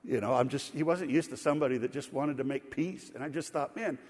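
A man's voice: mid-range voice, fast, breathy edge. Folksy preacher man in a reverberant church. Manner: folksy, animated storyteller with laughs. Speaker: pastor. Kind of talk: sermon with storytelling. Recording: sanctuary reverb.

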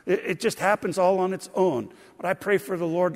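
A man's voice: high voice, steady tone, a little fast, a little mellow. A middle-aged man preaching a sermon, telling family stories in a folksy way and calling his listeners friends. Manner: folksy storytelling, addresses congregation as friends. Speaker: pastor. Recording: long hall reverb.

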